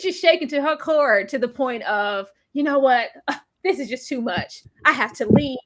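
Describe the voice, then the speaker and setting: A woman co-hosting a casual movie review chat, emphatic and animated, acting out lines of dialogue as she talks. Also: sits high, brisk, slight background noise. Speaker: podcast co-host.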